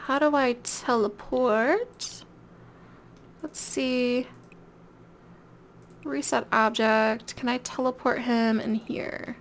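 High-voiced woman chatting over a game. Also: fairly even intonation, takes it slowly, pauses often, a little hiss or hum. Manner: chatty, talks directly to the game characters. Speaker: gameplay video creator. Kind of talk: casual let's-play commentary.

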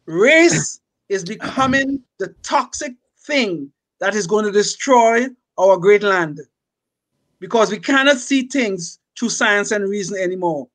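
A man's voice: sits high, lively intonation, unhurried, fairly bright tone. An older retired man talking on a podcast panel, speaking emphatically and preachily, often tagging his points with "okay?". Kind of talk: casual panel discussion.

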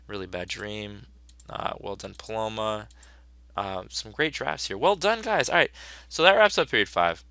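Upbeat man teacher, bright dry voice. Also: lowish voice, clean tone, no room sound. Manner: upbeat, chatty, with frequent fillers. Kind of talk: casual review of student work.

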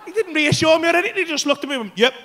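A man doing stand-up on a club stage, telling a story in a very high, ringing voice. He swears freely and acts out the other voices and his own panic, with audience laughter rolling in behind him. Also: rapid-fire, bright, forceful tone, some chatter behind. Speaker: stand-up comedian.

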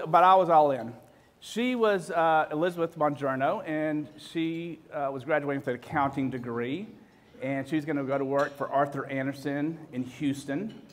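A man, telling stories to an audience in a joking, self-deprecating way, full of restarts and acted-out quotes. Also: on the high side. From Texas. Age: 50s. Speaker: speaker. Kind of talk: storytelling talk to an audience.

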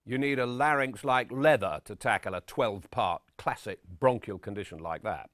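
A man playing a vain, pompous middle-aged character actor, lecturing on his craft in a deadpan, self-regarding way. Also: fairly low pitch, normal speed, no room sound, close to an everyday voice. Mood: self-important. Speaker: actor giving acting advice. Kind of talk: deadpan spoof documentary address.

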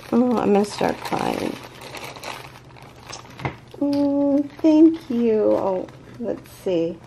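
A woman hosting a crochet channel, gushing and stammering with excitement as she opens packages from followers. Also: medium pitch, slight background noise, low-quality recording. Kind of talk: excited unboxing vlog.

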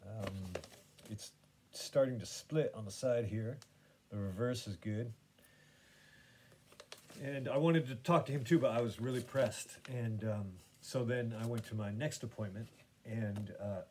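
A man's voice: on the low side, warm tone, slight background noise. A man hosting his own podcast, chatting casually about painting and gallery visits in a meandering way, full of fillers and restarts. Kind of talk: casual rambling chat.

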